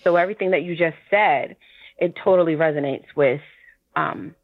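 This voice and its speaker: A woman guest calling in from home, telling a story in a lively, chatty way with fillers and little laughs. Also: sits low, normal speed, dry recording. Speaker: podcast guest. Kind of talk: casual chat. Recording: tinny phone-line call.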